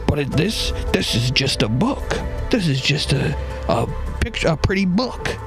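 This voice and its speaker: Bewildered aging inmate, a man's voice, halting delivery. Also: fairly high pitch, sing-song, over music. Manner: confused, halting. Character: bewildered old male death-row inmate.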